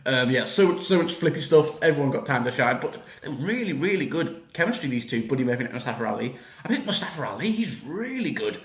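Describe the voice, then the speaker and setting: A young man ranting casually about a wrestling show in a reaction vlog, excitable and swearing freely. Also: mid-range voice, fast, hardly any pauses. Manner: excitable, swears a lot, rants. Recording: echoey room.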